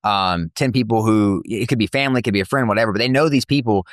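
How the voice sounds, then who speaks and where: A man, an MMA promotion CEO, telling stories in a casual interview with animated slang and lots of fillers. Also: fairly low pitch, dry recording, clean studio sound. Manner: fast, animated storytelling with slang and filler words. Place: cafe.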